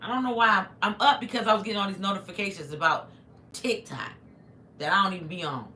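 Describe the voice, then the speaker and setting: Woman, middle-aged, bright voice, casual livestream chat, echoey room, faint hiss. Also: medium pitch, fast. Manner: chatty, talks to chat while eating. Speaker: livestream vlogger. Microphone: phone.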